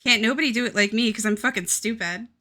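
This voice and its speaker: Woman streamer, high and bright, crude self-mocking banter, casual chat with viewers. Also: quick pace. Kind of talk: casual livestream chat while drawing.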